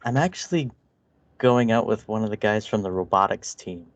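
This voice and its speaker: A man's voice: on the low side, lively intonation, normal speed, no room sound, highs cut off. A man co-hosting a podcast, trading crude jokes and mocking impressions, laughing often. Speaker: podcast co-host. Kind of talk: casual comedic commentary.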